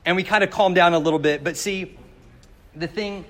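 A slightly high-voiced man preaching a sermon, his voice carrying a long reverb as in a large hall. He talks in a loose, joking, storytelling way, like chatting with the congregation. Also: moderate pace, a bit bright. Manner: conversational storytelling with jokes. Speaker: pastor.

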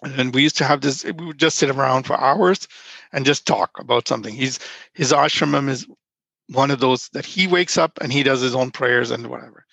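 A man's voice: mid-range voice, fairly quick, vocal fry, fairly bright tone, no room sound. A man in his fifties from Nigeria, a podcast guest telling rambling stories in casual conversation. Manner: rambling storyteller, frequent restarts.

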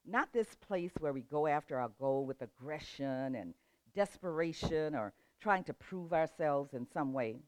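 An older woman who laughs often as she tells a lively story, then moves into a relaxed motivational talk about setting goals. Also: low-pitched, a little slow, no echo.

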